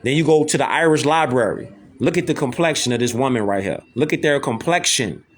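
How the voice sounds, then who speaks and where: A man's voice: medium pitch, brisk. A man hosting, giving emphatic commentary over images and clips, repeating himself to drive points home. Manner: insistent, repetitive, keeps asking "see that?".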